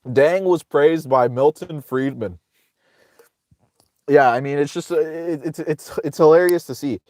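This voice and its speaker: A man's voice: on the high side, measured pace, darkish tone, no echo, studio quality. A man hosting casual political commentary, ranting sarcastically with profanity, rambling and restarting his sentences.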